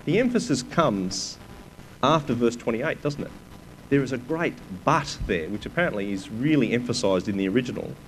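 A man's voice: mid-range voice, animated, normal speed, slight background noise, low-quality recording. A man preaching a sermon, reading scripture aloud with emphasis and putting rhetorical questions to his listeners.

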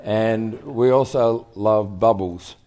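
An older man speaking as a guest in an on-stage interview, telling stories in an animated way. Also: lowish voice, slow pace. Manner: animated storyteller, acts out voices in anecdotes.

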